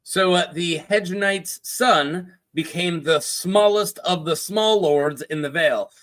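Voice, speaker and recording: A man casually retelling fantasy lore as a video host, chatty and joking with quick asides. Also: high voice, fairly bright tone. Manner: chatty, jokey asides with put-on quote voices.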